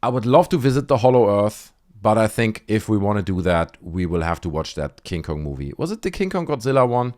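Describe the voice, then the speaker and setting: A man's voice: lowish voice, very animated, a little fast, few pauses, darkish tone. A man hosting a video commentary channel, talking casually and wryly as he debunks clips. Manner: chatty and wry, with big swoops for emphasis. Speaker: YouTube host debunking UFO videos.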